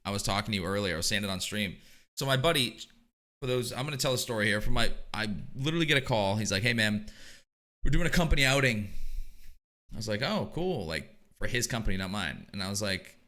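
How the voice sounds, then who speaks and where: A young man, co-hosting a casual podcast and telling stories in an animated way, swearing and laughing often. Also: lowish voice, quick pace. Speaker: podcast co-host.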